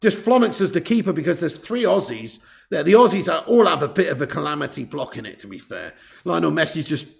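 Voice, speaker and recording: A man's voice: fairly high pitch, animated, fairly quick, gravelly. A man, hosting a live football watch-along, chatting casually, reading out viewer comments and swearing freely. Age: 30s.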